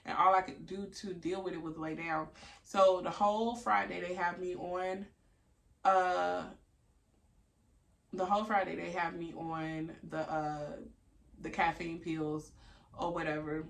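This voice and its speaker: A young woman, casually and candidly telling a story to her viewers, with frank, profane, animated quoted reactions. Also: lowish voice, measured pace, creaky, far from the mic. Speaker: vlogger.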